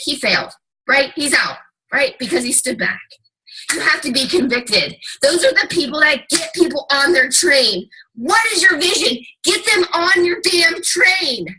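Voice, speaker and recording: A woman's voice: sits high, expressive, normal speed, pushed and bright, a little hiss or hum, rough recording. A woman giving a fired-up motivational talk to her team, emphatic and casually swearing. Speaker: team leader.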